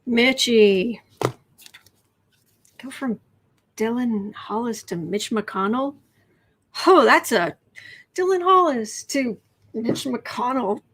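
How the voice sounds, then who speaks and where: A woman's voice: fairly high pitch, slow pace, long pauses, fairly bright tone, slightly rough. A woman doing a casual tarot reading on a livestream, chatty and rambling, sometimes dropping into whispered asides. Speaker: tarot reader.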